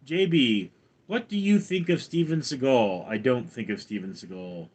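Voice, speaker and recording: A man live-streaming from home, reading chat comments and answering in a dry, deadpan way. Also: medium pitch, normal speed, slightly rough.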